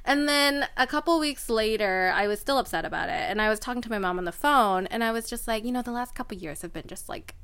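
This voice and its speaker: A woman's voice: fairly high pitch, quick pace, hardly any pauses, clean tone, no echo. A woman in her late twenties telling a personal story in casual chat, frank and heavy on swearing. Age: late 20s. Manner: frank, profane, animated storytelling.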